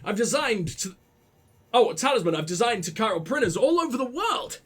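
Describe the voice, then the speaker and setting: A man's voice: high voice, very animated, fairly quick, breathy edge, exaggerated voice. A man reading as an earnest young novelist's son. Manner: plain reading aloud, little character voice. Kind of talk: reading a game message aloud.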